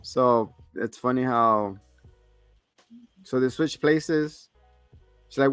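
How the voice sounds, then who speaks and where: A man's voice: mid-range voice, slow pace, pauses often, fairly bright tone, clear, resonant tone, no echo, soft background music. A man co-hosting a casual movie review, retelling scenes with quoted lines and frequent laughs. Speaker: co-host.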